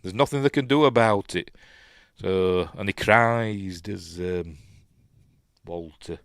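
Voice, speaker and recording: A man's voice: low voice, slow, long pauses, clear, resonant tone, no room sound, studio quality. A man with a Yorkshire accent hosting a casual film breakdown, rambling and emotional, full of ums and uhs. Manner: emotional, chatty. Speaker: film review host.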